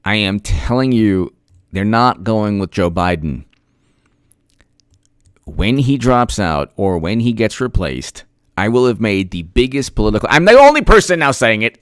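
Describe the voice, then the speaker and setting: An excitable man delivering sarcastic political commentary straight to his viewers. His voice is smooth and resonant, and his pitch swings widely as he mocks and jokes. The sound is dry and close. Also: measured pace, no echo. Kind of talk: animated solo political commentary.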